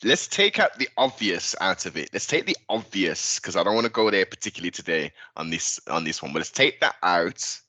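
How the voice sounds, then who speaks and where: A man's voice: sits low, big pitch swings, fairly quick, few pauses, sharp tone, no room sound. An English man co-hosting a casual chat, agreeing often and reasoning through his points.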